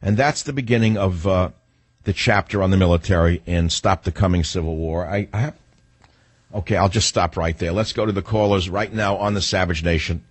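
A man's voice: sits low, a little fast, husky, no room sound. A man hosting a political talk radio show, blunt and opinionated, rambling with restarts as he takes callers. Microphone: studio microphone.

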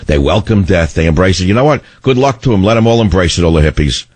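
A middle-aged man with a baritone voice, hosting a talk radio show in a combative, rambling way. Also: lively intonation, fast, a little mellow, husky, dry recording. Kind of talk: opinionated talk radio monologue. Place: radio studio. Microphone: studio microphone.

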